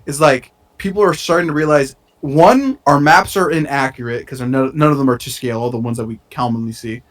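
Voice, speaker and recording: Speaking at a mid-range pitch and fairly quickly, a young man from the United States co-hosts a casual podcast from his bedroom. He gets excited, rambles, and curses frequently.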